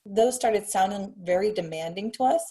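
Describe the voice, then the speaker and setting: A woman's voice: medium pitch, normal speed, warm tone. A mother chatting casually on a video call, telling anecdotes about her son. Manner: chatty anecdotal, acts out her child's words. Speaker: parent. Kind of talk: casual chat.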